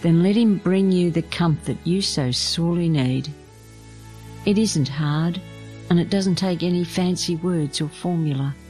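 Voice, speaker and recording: A woman, an abbess, reading a scripted spiritual reflection in a gentle, measured storytelling manner. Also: fairly low pitch, soft background music. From Australia.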